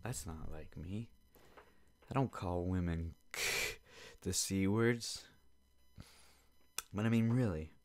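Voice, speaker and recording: A man's voice: deep voice, slow pace, pauses often, darkish tone. A young man hosting a podcast from his basement, rambling and swearing through an irritated casual rant. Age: young adult. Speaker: podcast host. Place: home basement.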